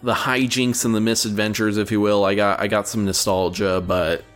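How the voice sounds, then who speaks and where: A man co-hosting a podcast with a low voice, talking crudely and casually. He rambles, restarts his sentences and leans on filler words. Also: flat delivery, moderate pace, faint music behind. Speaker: podcast co-host.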